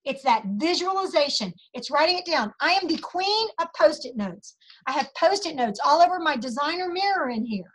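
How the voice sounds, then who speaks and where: A woman's voice: high voice, animated, moderate pace, low-quality recording. A woman leads a motivational sales meeting over a video call from her home office, enthusiastic and preachy, calling out to her listeners. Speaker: sales team leader.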